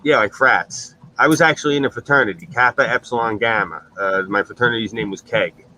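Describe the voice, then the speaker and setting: A man's voice: medium pitch, a little fast, pushed and bright, a little hiss or hum, poor audio. A man in casual chat, telling blunt, profane stories on a stream.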